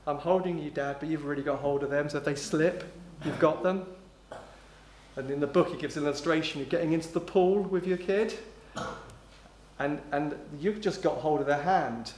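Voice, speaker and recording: A male preacher with a high voice delivers a sermon with emphasis. He stretches out key phrases and sinks low and soft for quotes. The sound carries a roomy echo from a church hall. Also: a little hiss or hum. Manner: emphatic, slowing down on key phrases, dropping low and quiet when quoting.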